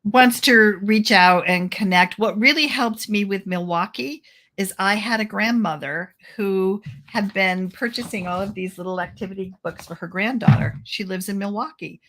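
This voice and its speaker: A woman's voice: mid-range voice, normal speed, a bit bright. A woman guest, an author, talking enthusiastically in a casual interview and laughing easily. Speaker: guest, author and children's camp founder.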